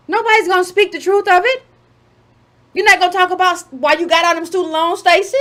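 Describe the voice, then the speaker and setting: A woman's voice: very high-pitched, expressive, a little fast, pushed and bright. A woman giving a sarcastic political commentary monologue, full of rhetorical questions and mocking asides.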